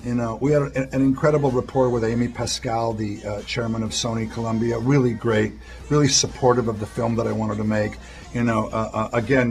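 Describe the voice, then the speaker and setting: A man, a film director, answers interview questions in a measured way, often restarting his sentences. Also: medium pitch.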